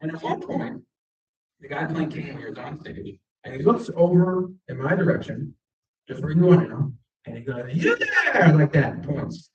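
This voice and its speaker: Man, stand-up comedian, slightly high voice, rambling self-mocking storytelling, echoey room, heard from a distance, dull recording. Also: normal speed, mellow. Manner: rambling, chatty, self-mocking delivery with fillers. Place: small stage before a live audience.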